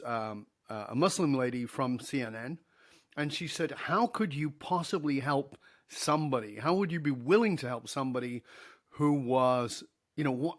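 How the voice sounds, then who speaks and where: A middle-aged man, a podcast guest, telling a story in an interview, acting out the dialogue and laughing easily. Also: mid-range voice.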